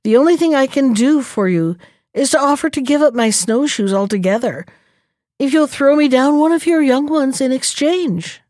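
A woman voicing a sly, scheming male fox in a storybook reading, speaking in a smooth, falsely polite way. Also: sits high, expressive, normal speed, a little mellow, dry recording, studio quality, pitched above the performer's own voice.

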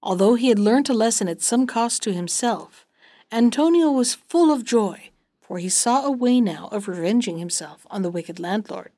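A woman hosting a storytelling show, reading a fairy tale aloud in a gentle, even way and closing with listener notes. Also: on the high side, normal speed, no room sound, studio quality. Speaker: storyteller and podcast host.

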